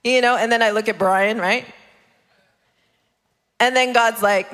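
A woman preaching a sermon in an animated way, acting out other people's voices as she tells stories. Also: on the high side, unhurried, long reverb tail. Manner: animated, acts out voices of her kids and God.

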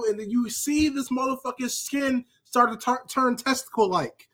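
A man with a fairly high voice talking in a loose, rambling way on a casual podcast. He starts and restarts his thoughts in an easy, relaxed manner. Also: normal speed, hardly any pauses. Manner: rambling, many fillers and restarts, laid-back. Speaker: podcast co-host.

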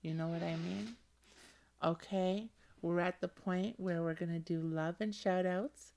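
A woman's voice: lowish voice, steady tone, measured pace, a little mellow. A woman hosting a motivational podcast, leading a guided visualization in a gushing, effusive way and calling listeners honey. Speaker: podcast host.

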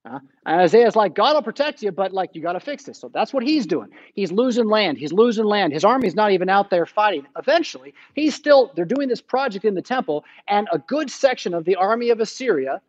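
A man's voice: high-pitched, big pitch swings, a little fast, hardly any pauses, highs cut off. An American man preaching a sermon in a church, retelling the story casually and acting out the quotes.

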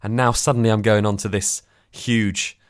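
A man's voice: on the low side, steady tone, normal speed, no room sound, studio quality. A man co-hosting a podcast, easygoing and joking in casual chat. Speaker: podcast co-host.

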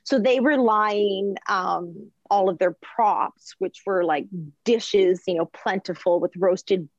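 A woman chatting casually as a podcast guest, telling stories in an animated, rambling way and dropping in lots of fillers. Her voice is mid-pitched and sits close to the mic with no room sound. The recording is slightly dull and lo-fi. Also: slow pace, no echo. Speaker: chef and food journalist, podcast guest. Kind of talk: casual storytelling chat.

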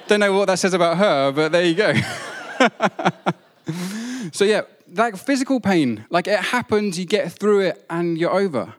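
A man, preaching a sermon in a conversational, self-deprecating way. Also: high voice.

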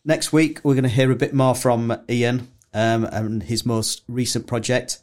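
A man's voice: medium pitch, fairly even intonation, a little slow, a little mellow. A man hosting a podcast, reacting to a guest's story and reading the sign-off. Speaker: podcast host, company CEO. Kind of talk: podcast interview.

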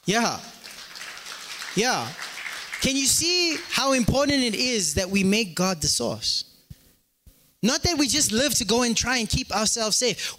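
A man preaching a sermon as pastor, joking and acting out little dialogues. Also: high-pitched. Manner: animated, joking, acts out dialogues. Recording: echoey hall.

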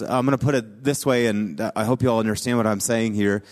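A pastor preaching a sermon in a conversational way, building to emphatic peaks. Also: male voice, mid-range voice, fairly quick, few pauses.

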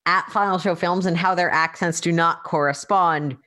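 A woman's voice: on the low side, steady tone, moderate pace, pushed and bright. A woman playing a tabletop game, asking rules questions and chatting. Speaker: player. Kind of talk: casual tabletop play.

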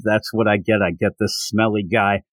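A man's voice: lowish voice, fairly even intonation, normal speed, dry recording, clean studio sound, voice pushed down, close to an everyday voice. A man voicing a nervous small male fighter with a reluctant, jittery manner.

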